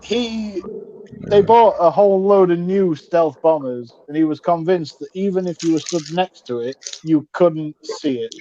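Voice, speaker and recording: A man's voice: high voice, unhurried, mellow, a little hiss or hum. A man with a slightly raised voice rattles through a comic bit. He talks chattily and laughs as he goes. The sound is somewhat muffled and lo-fi. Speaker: comedian guest. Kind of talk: comic rant.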